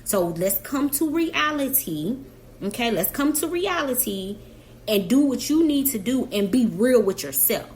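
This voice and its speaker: A woman's voice: on the high side, expressive, measured pace, a little mellow, slight background noise. A young adult woman hosting a reaction channel, chatting casually and emphatically to her viewers and speaking straight to the person she reacts to. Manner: chatty, emphatic, talks directly to the absent subject.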